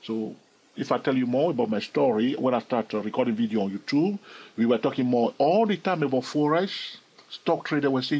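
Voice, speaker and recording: A man hosts a casual chart walkthrough in a husky, slightly breathy voice. He chats loosely and keeps checking in with his viewers through questions and asides. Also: mid-range voice, a little fast, darkish tone, dull audio. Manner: chatty, asks viewers questions, frequent "all right?". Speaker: trading video host.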